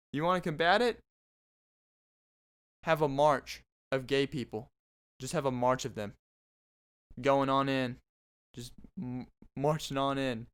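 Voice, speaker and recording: A man's voice: mid-range voice, fairly bright tone, clean tone. Rambling young man doing comedy talk. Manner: rambling, restarting, joking. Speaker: podcast host. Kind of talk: comedic monologue.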